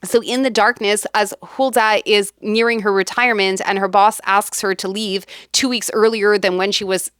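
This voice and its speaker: A woman talks her way through a casual reading vlog, rambling and correcting herself as she goes. Her voice is smooth and clear at a middling pitch. The sound is dry and close. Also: steady tone, normal speed, hardly any pauses, a bit bright, no room sound. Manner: rambling, frequent ums and self-corrections. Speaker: book vlogger.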